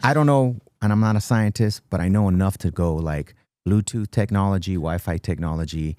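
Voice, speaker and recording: A man's voice: sits low, fairly quick, mellow, no echo, clean studio sound. A man in his fifties, a guest musician on a podcast, talking earnestly about life and often saying "dude" and "listen". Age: 50s. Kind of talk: casual podcast interview. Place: podcast studio.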